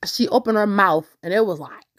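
A woman hosting a podcast, telling a personal story in a casual, animated way and talking straight to her listeners. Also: medium pitch, fairly quick. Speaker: podcast host.

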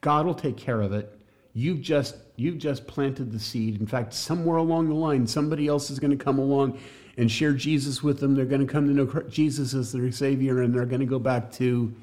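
A man's voice: mid-range voice, moderate pace, darkish tone. Jokey, emphatic male church teacher. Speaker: evangelism teacher.

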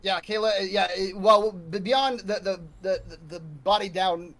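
A man narrating a tabletop horror game as game master, halting and full of restarts. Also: high voice, fairly even intonation, a bit bright. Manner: halting, restarts mid-sentence, many ums.

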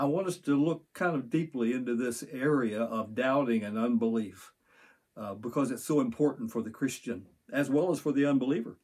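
A pastor, an older man, gives a Sunday sermon in a husky, slightly breathy voice that is mid-range and a little mellow. He speaks earnestly, reading scripture aloud and pausing to explain it to his congregation.

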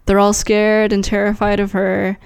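A woman's voice: medium pitch, monotone, gravelly, a little mellow, clear, resonant tone. A woman co-hosting a film podcast in casual chat, musing through her ideas with many fillers. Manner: unhurried, filler-heavy, lots of "like". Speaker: podcast co-host.

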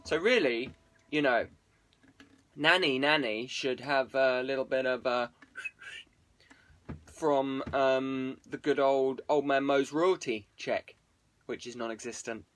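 A man's voice: medium pitch, fairly even intonation, takes it slowly, pauses often, a bit bright. A man, rambling casually and self-mockingly to viewers on a live stream.

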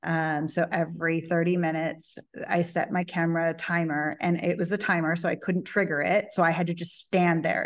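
Animated woman, distant mic. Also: on the low side. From United States. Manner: animated, lots of "like" and acted-out quotes. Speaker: interview guest. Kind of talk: casual storytelling chat.

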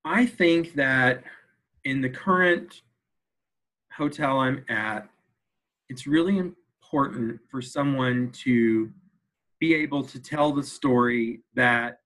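A man in casual interview chat, an animated storyteller who laughs often and mimics voices while recalling work days. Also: mid-range voice, takes it slowly, low-quality recording. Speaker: hotel sales leader, podcast guest.

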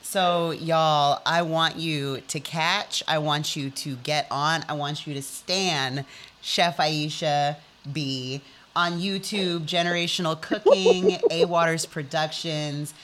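A woman hosting a podcast, talking slowly in a low, bright, forceful voice. She is effusive and encouraging, and says "y'all" to her listeners. There is a faint hiss of noise behind her. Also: lively intonation. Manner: warm, effusive, drawls "y'all". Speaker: podcast host. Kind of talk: casual interview chat.

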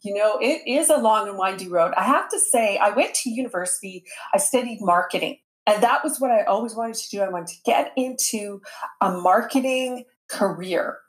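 A woman's voice: mid-range voice, moderate pace. A woman coach speaking as a guest in a podcast interview over a video call, playful and upbeat. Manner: playful and upbeat, laughs easily. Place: home in Vancouver.

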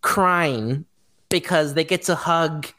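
A woman's voice: low-pitched, takes it slowly, a bit bright. A woman co-hosting a casual podcast, ranting bluntly and swearing freely. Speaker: podcast co-host. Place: Florida.

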